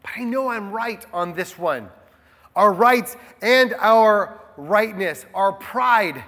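A man's voice: sits high, expressive, slow, sharp tone, in a large hall. A man preaching a sermon in an earnest way, repeating key phrases for emphasis. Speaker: pastor.

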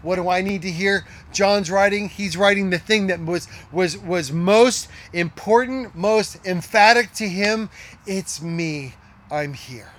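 A middle-aged man preaching a sermon as a pastor, emphatic and repeating his key lines, dropping to a hush at times. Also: sits high, a little slow, hardly any pauses.

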